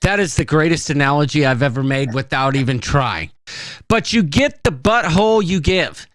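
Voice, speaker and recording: A man's voice: fairly high pitch, lively intonation, normal speed, a bit bright, no room sound. A man hosting a casual podcast, telling rambling stories with many fillers. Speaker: podcast host. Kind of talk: casual chat.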